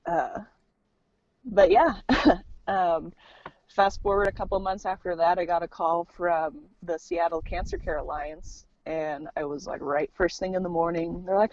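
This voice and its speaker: A woman's voice: on the low side, steady tone, measured pace, darkish tone. A young adult woman, a podcast guest, telling a personal story in casual chat, laughing often and acting out the people she quotes. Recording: slightly dull, dry recording.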